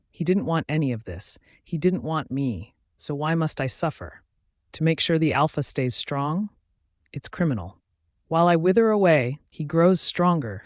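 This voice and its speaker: A man reads a first-person fantasy audiobook in a reflective, measured way. His voice sits at a middle pitch, recorded dry and close with no room around it. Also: dry recording. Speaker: audiobook narrator. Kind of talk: scripted first-person narration.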